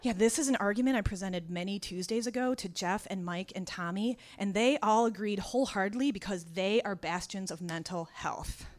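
A woman telling a personal story out loud, dry and wry, turning raw and intense as it goes. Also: mid-range voice, normal speed, few pauses. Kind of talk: first-person spoken storytelling.

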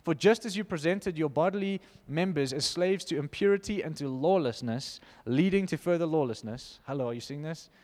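Male preacher, emphatic and lively, slightly high pitch, recorded with long hall reverb. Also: brisk, hardly any pauses. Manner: animated, emphatic, laughs between points. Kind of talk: informal sermon with scripture reading.

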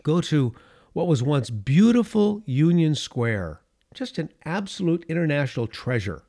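A man's voice: fairly high pitch, very animated, measured pace, mellow. Emphatic male political commentator. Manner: emphatic, repeats key phrases for stress. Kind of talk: opinion monologue.

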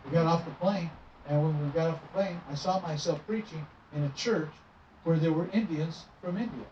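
A man's voice: fairly high pitch, normal speed. A middle-aged man, a traveling minister, telling stories in a sermon and acting out the dialogue. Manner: animated storytelling, acting out dialogue. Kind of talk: sermon storytelling. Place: church sanctuary. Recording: roomy, distant, muffled with noise.

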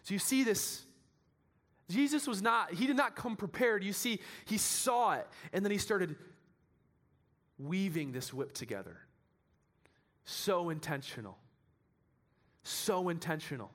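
High-voiced man preaching a passionate sermon. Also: unhurried, pauses often. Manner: animated, building to shouting at climaxes, with self-interrupting restarts. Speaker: pastor.

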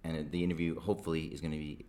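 A man's voice: extremely low pitch, little pitch movement, racing, warm tone. A man hosting a podcast while hungover, chatting casually with self-deprecating, mumbled asides. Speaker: podcast host.

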